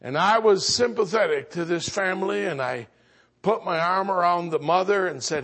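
High-voiced, husky storytelling preacher. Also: male voice, normal speed. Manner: storytelling preacher, swinging from loud exclamation to hushed earnestness. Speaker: pastor. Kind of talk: sermon.

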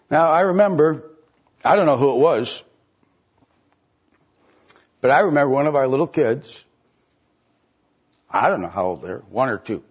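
A middle-aged man preaching a sermon in a conversational way, asking rhetorical questions and jumping up in pitch to stress a point. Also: breathy edge, dull audio. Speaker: pastor.

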